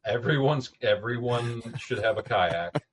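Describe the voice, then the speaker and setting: A man's voice: medium pitch, lively intonation, a little slow. A man hosting an interview, joking loosely and filling his questions with "you know". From the American South. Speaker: podcast host. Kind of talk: casual interview chat.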